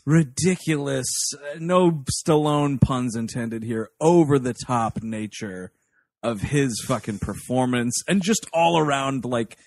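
A man's voice: mid-range voice, measured pace, no echo, studio quality. A man co-hosting a casual film review podcast, rambling and swearing as he talks. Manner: profane, rambling, animated. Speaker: podcast co-host.

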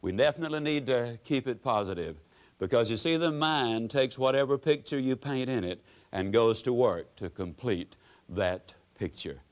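A man from the United States giving a motivational lecture to a live audience, with a folksy, dramatic delivery that swings widely in pitch and loudness. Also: moderate pace. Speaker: motivational speaker.

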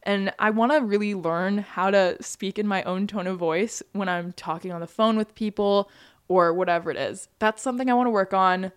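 A woman's voice: mid-range voice, moderate pace, clear, resonant tone. Chatty young woman hosting a podcast. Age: young adult, 22. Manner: chatty, many fillers like "like" and "you know". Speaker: podcast host. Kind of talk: casual solo podcast chat.

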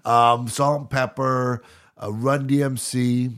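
A mid-pitched man co-hosting a podcast in casual chat. He talks hesitantly, stumbling over words with frequent fillers. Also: level tone, takes it slowly, fairly bright tone. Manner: hesitant, filler-laden delivery with stammers. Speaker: podcast co-host.

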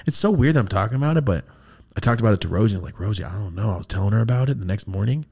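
Picture a man with a fairly low voice hosting a loose podcast. He tells a rambling, profane story, drops into hushed asides, then bursts into loud, high-pitched quotes. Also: expressive, very fast, gravelly, breathy edge. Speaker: podcast host. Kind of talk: casual podcast chat.

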